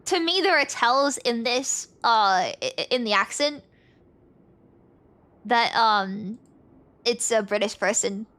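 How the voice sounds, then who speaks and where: Bright, excitable woman streamer. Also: fairly high pitch, takes it slowly, pauses often, a little hiss or hum. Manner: excitable, swears, boastful. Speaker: VTuber streamer. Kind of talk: casual gameplay commentary. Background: game music.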